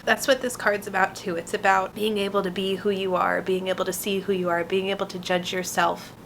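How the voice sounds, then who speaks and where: An earnest woman speaks to her viewers in a relaxed vlog style, explaining a tarot card with heartfelt warmth. Her voice sits at a middle pitch, and a faint hum of room noise lies under it. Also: fairly quick, vocal fry, poor audio. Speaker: vlogger and tarot artist.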